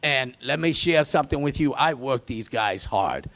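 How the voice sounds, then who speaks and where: A man who teaches auctioneering, presenting diplomas with high energy and emphasis. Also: lively intonation, moderate pace, fairly bright tone. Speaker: auctioneering instructor. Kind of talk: energetic ceremony speech.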